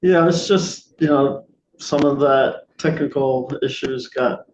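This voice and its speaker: A man hosting a play reading speaks haltingly over a video call. His audio sounds dull and roomy. A faint hiss runs underneath it. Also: medium pitch, darkish tone. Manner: hesitant, halting. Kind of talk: casual video-call chat.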